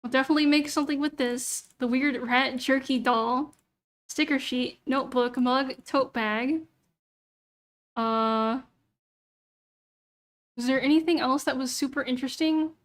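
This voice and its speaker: A woman's voice: sits high, fairly even intonation, unhurried, pauses often. A young woman streamer chatting casually on a livestream, muttering to herself as she browses and swearing freely. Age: young adult. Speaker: VTuber streamer.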